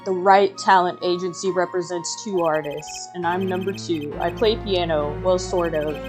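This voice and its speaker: A woman's voice: lowish voice, steady tone, moderate pace, lightly acted. A woman voicing a laid-back male piano player in a fan-voiced game playthrough.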